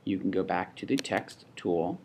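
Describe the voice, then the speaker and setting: Casual low-voiced man walking through software steps. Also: moderate pace. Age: adult with a child. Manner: casual, thinking aloud, with restarts and asides. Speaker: teacher demonstrating software. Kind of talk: screen-recorded tutorial.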